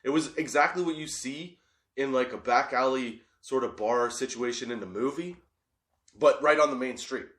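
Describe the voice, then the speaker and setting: A man's voice: mid-range voice, moderate pace, reverberant. A young man hosting a comedy podcast, telling a story with lots of swearing and frequent laughter. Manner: animated, laughs often, swears freely. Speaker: podcast host.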